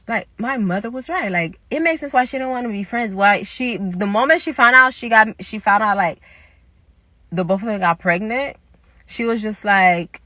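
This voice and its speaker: A young woman tells a casual story and acts out every quoted line in an animated way. Her voice is bright and forward. The recording is dry and close. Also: mid-range voice, normal speed, no room sound. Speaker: vlogger telling a story.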